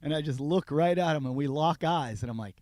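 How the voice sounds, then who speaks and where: A man's voice: a little high, a little fast, slight background noise. A man telling a story on a podcast in a casual way, acting out the people in it. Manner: animated, acts out the people in his story. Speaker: podcast guest.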